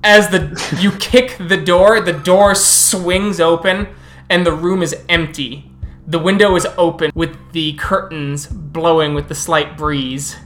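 A woman as storyteller, narrating a tabletop game in an unhurried, halting way. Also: on the low side, steady tone, fairly bright tone.

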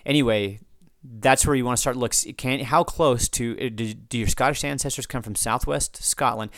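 A man's voice: medium pitch, normal speed, a bit bright, dry recording, clean studio sound. A man hosting a podcast, talking off the cuff to answer listener feedback, rambling with restarts and asides. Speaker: podcast host.

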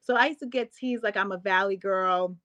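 A woman's voice: mid-range voice, a little fast, sharp tone, dull audio. A young adult woman hosting a podcast interview, cheerful and upbeat, laughing easily. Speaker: podcast host.

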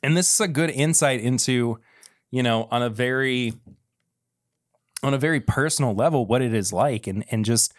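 A man's voice: medium pitch, moderate pace, no echo, clean studio sound. A man hosting a podcast, talking enthusiastically in casual chat. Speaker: podcast host.

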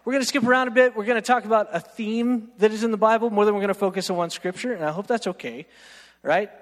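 A man preaching a storytelling sermon, animated and self-mocking, often checking in with "right?". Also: sits high, fast. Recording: long reverb of a large hall.

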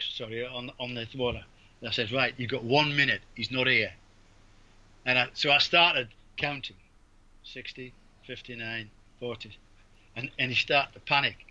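A former basketball referee from England, appearing as an interview guest, tells rambling anecdotes with restarts and laughs. His mid-range voice has a sharp tone, and the audio is dull and lo-fi.

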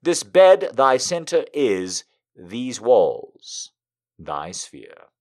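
A man's voice: medium pitch, huge pitch swings, extremely slow, darkish tone. A man hosting a poetry show, reading poems aloud and chatting casually, laughing often between asides.

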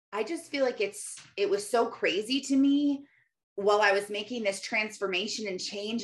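Enthusiastic woman hosting a faith podcast. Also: medium pitch. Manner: enthusiastic, chatty, full of "like" fillers. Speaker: podcast host. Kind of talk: faith-based morning podcast livestream, casual.

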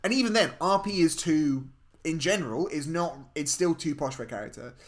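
A man's voice: a little high, lively intonation, brisk. Posh English man, sweary film chat. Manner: sweary, emphatic, sarcastic asides. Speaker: podcast co-host. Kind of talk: casual film review chat.

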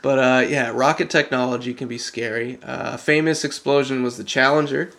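A man's voice: medium pitch, steady tone, brisk, gravelly, fairly bright tone. A man, rambling loosely and swearing casually in a casual podcast chat.

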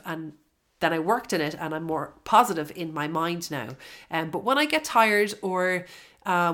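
A woman hosts her own fitness podcast alone, with a slightly low voice. She talks in a frank, chatty way, swears freely and fills her speech with ums and likes. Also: a bit bright. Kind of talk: solo podcast monologue.

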